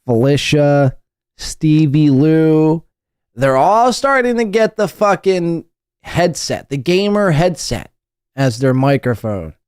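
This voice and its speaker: A man's voice: a little high, big pitch swings, slow, a little mellow, clean tone, no echo, clean studio sound. A man hosting a podcast, giving mocking, profane comedic commentary. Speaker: podcast host.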